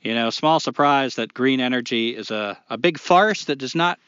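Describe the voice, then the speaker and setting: A man's voice: mid-range voice, animated, normal speed, fairly bright tone, clear, resonant tone, no echo, dull audio. A man co-hosting a podcast in casual chat, blunt and opinionated, swearing freely. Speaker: podcast co-host.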